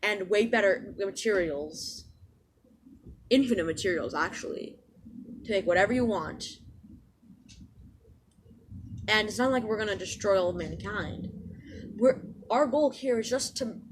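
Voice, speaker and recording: A woman voicing a young male villain who is earnestly talking someone into joining, in a rushed, run-on way. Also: a little hiss or hum, close to an everyday voice, rough recording. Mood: earnest persuading. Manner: rushed, run-on persuasive pitch.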